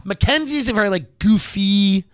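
A man's voice: high voice, lively intonation, normal speed, fairly bright tone, no room sound. A man co-hosting a podcast in casual banter, blunt, brash and profane, giving unfiltered advice. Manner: puts on mocking voices. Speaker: podcast co-host.

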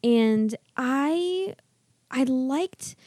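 A woman's voice: sits high, expressive, extremely slow, dark tone, no echo, clean studio sound. A young woman co-hosting a podcast, chatting casually in a giggly, rambling way. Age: young adult. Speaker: podcast co-host. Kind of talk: casual chat.

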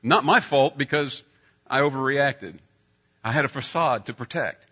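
A middle-aged man preaching a sermon, telling a personal story and getting loud when he acts out scenes. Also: medium pitch, normal speed, dull audio.

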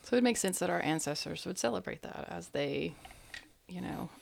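A woman's voice: fairly low pitch, expressive, moderate pace, gravelly, darkish tone, a little hiss or hum. A woman hosting a podcast interview, curious and agreeable, asking follow-up questions. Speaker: podcast host. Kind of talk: interview conversation.

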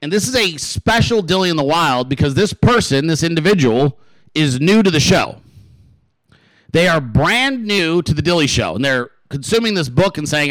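A man with a high, bright-pitched voice rants fast and hard as a show host, swearing all the time. The sound is very dry and close, with no room at all. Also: expressive, no echo, low-quality recording. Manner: fast, heated, swears constantly. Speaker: podcast host. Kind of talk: profane political rant.

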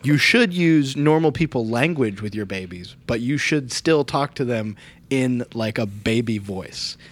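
A young man co-hosting a casual podcast, chatty and quick to laugh while explaining things. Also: mid-range voice, animated. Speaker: podcast co-host. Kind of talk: casual chat.

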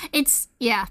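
A woman from Texas co-hosting a podcast, chatting casually in a giggly, playful way. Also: a bit bright. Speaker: podcast co-host. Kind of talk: casual chat.

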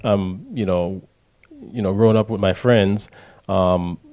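A man's voice: deep voice, fairly even intonation, unhurried, dark tone. A man in a casual discussion, talking in a laid-back way and often checking in with his listeners. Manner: laid-back, often says "you know what I mean".

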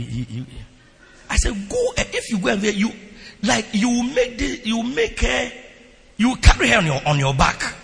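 A man preaching a sermon as a pastor, telling stories to his congregation with lively, exclamation-filled delivery in a church hall. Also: high-pitched, creaky. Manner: animated storytelling preaching with repeated exclamations. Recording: long reverb of a large hall.

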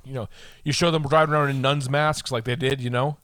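A man from the Boston area speaks emphatically in a casual chat, often repeating himself to drive a point home. The recording is dry and close, with no room sound around his mid-pitched voice. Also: steady tone, fast, a bit bright, no room sound. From Boston area, USA. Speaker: podcast co-host.

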